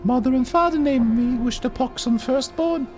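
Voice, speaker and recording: A man squeaking out a creepy childlike ghoul. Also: normal speed, a little mellow. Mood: odd, childlike. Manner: squeaky, broken grammar, tags lines with "hi". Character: hunched, rash-covered undead male who talks like a small girl.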